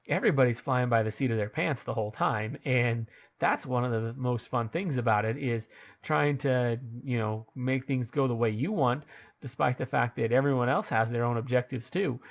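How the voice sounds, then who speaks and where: A man's voice: mid-range voice, creaky. A man casually explaining how tabletop role-playing games work, rambling along with lots of ums and uhs.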